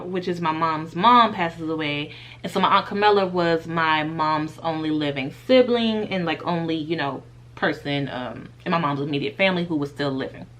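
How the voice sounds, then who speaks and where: In a low-pitched voice, a young woman vlogger gives a candid life update, addressing her viewers directly as "y'all" and "baby" and laughing softly as she tells a sad story.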